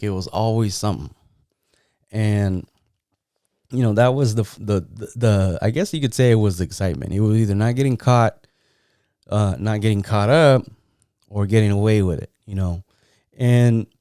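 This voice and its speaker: A middle-aged man from San Jose with a low, warm voice tells loose, profane stories about the old days. His tone is smooth and clean, and the sound is close and dry with no room around it. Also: no echo. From San Jose, California. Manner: rambling, profane, streetwise. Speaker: podcast host. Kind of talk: casual storytelling.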